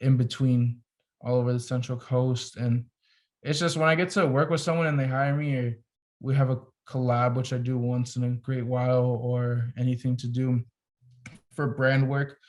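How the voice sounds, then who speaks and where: A young man, a photographer appearing as a podcast guest, tells a story in a casual, animated way. His voice sits at medium pitch and moves at a moderate pace, and he leans heavily on "like" as filler.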